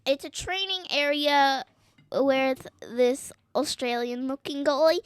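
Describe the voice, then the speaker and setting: A woman's voice: high voice, slow, dry recording. A young girl as a podcast guest, chatting casually and playfully, giggling and trying silly accents. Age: child. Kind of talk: casual chat. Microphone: podcast mic.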